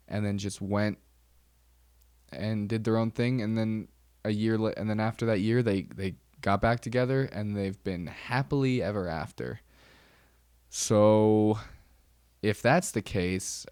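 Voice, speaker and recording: Rambling low-voiced man hosting a podcast. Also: steady tone, measured pace, a little mellow, smooth, no echo, studio quality. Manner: rambling, wry storytelling with frequent fillers. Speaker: podcast host. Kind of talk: casual solo chat.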